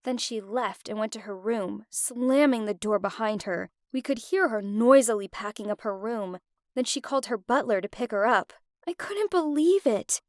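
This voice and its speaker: A young woman tells her own story in the first person, emotional and confiding. Her voice is high and bright in pitch, and the recording is dry and close, with no room sound. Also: expressive, normal speed, no room sound. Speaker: narrator.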